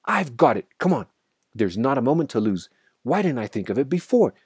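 A man voicing a frantic, brave fox father in a storybook reading, shouting urgently. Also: mid-range voice, big pitch swings, brisk, slightly rough, dry recording, clean studio sound, pitched above the performer's own voice.

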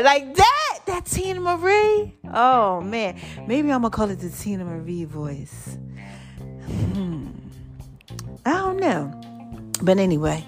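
Lively high-voiced woman giving casual motivation. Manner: playful, preachy, breaks into sung lines and laughs. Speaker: vlog host.

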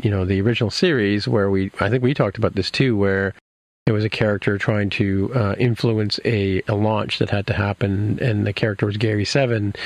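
A man's voice: lowish voice, vocal fry, no room sound. A man casually recapping an episode for his podcast co-hosts, rambling with many fillers and restarts. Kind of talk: casual chat.

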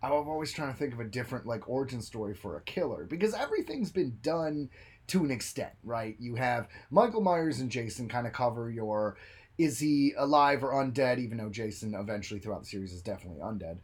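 A man co-hosting a podcast in casual chat, animated and jokey, who talks about his own film work. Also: mid-range voice, a little fast, husky. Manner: animated, jokey, bursts into silly voices. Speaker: podcast co-host.

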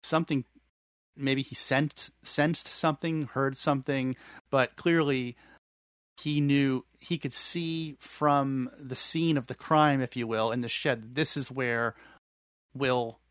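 A man co-hosting a podcast, recapping a show in a thoughtful, halting way with many restarts. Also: mid-range voice, fairly even intonation, no room sound. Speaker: podcast co-host. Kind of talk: casual recap chat.

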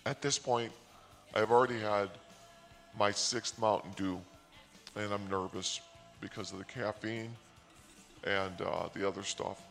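Deadpan man with a gravelly drawl. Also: on the low side, measured pace, pauses often, faint music behind. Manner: deadpan, mock-naive sarcasm. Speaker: podcaster. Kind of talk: comedic storytelling monologue.

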